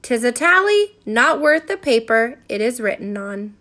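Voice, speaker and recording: A woman's voice: high voice, very animated, unhurried, bright, forceful tone, full character voice. A woman voicing a weary, self-important male tallyman who speaks in formal, proclaiming tones. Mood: grumbling. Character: pompous weary man, a traveling census tallyman.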